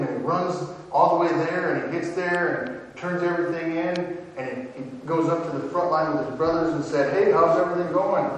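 A man preaching a sermon, telling a Bible story in a folksy way and reading scripture aloud. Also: fairly high pitch. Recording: echoey hall from far off.

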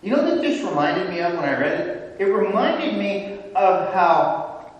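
Slow-preaching man in an echoey hall. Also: high-pitched, big pitch swings, far from the mic. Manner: storytelling, acting out scripture and film scenes. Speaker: pastor. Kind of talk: sermon.

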